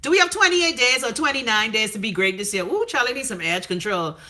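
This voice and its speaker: A woman's voice: fairly high pitch, expressive, fairly quick, sharp tone. A woman with a Bahamian accent, hosting a casual live stream, reading viewer comments and giving blunt, profane commentary.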